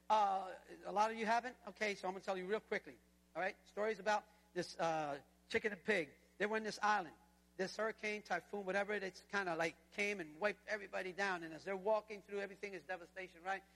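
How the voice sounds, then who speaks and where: A man preaching a sermon in an animated way, swinging between loud and hushed delivery. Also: high voice. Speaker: guest preacher. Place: church sanctuary. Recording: church hall reverb.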